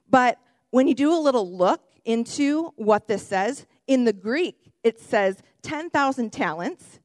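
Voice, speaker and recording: A young woman who works in kids ministry, preaching a sermon in an animated, chatty way, correcting herself and breaking into excited shouts. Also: a little high, no room sound, clean studio sound. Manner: self-correcting, chatty asides.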